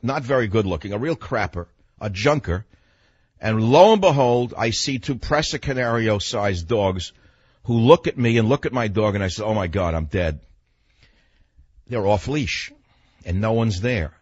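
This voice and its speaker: A man's voice: mid-range voice, breathy edge, no room sound, muffled recording. An older man from New York hosting a radio talk show, telling a story in a blunt, emphatic monologue.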